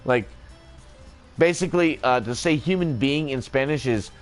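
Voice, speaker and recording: A man's voice: mid-range voice, moderate pace, faint music behind. A man in a rambling, joking casual monologue, swearing freely as he goes.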